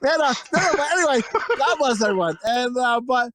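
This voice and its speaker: A man co-hosting a casual movie review podcast, talking in a crude, profane, rambling and excitable way. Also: very high-pitched, moderate pace, low-quality recording. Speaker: podcast co-host.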